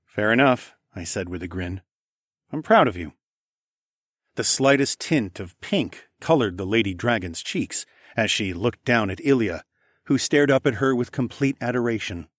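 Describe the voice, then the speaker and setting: A man's voice: fairly low pitch, expressive, moderate pace, slightly rough, no echo. Man narrating a fantasy audiobook, dry.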